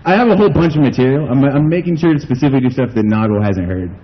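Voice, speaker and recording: A man's voice: mid-range voice, animated, racing, lo-fi sound. A man from the United States doing a stand-up comedy set at an outdoor backyard show, rambling and self-deprecating, saying "like" a lot.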